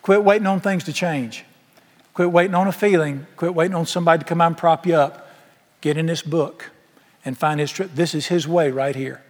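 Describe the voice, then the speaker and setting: High-voiced folksy preacher in a hall. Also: male voice, fairly quick. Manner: folksy, emphatic preaching with rhetorical questions. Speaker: pastor. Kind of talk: sermon. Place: large church auditorium.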